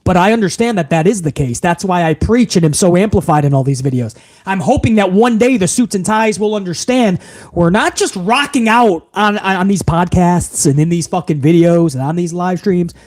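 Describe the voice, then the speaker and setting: A man's voice: sits high, lively intonation, normal speed, a little mellow. A man hosting a live stream, reading viewer messages in a profane, hyped, emphatic way. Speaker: wrestling commentary streamer.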